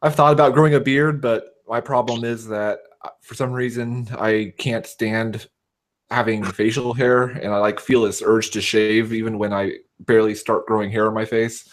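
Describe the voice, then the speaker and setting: A man's voice: lowish voice, little pitch movement, moderate pace. A man with a West Coast American accent chatting on a livestream, hesitant and full of fillers. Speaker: stream guest. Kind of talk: casual livestream chat.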